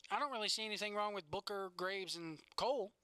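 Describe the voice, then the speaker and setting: A man's voice: sits high, quick pace, bright, forceful tone, clear, resonant tone, no room sound. A man co-hosting a casual podcast, ranting bluntly with plenty of swearing. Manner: blunt, profane, opinionated rants. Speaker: podcast co-host. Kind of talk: casual wrestling chat.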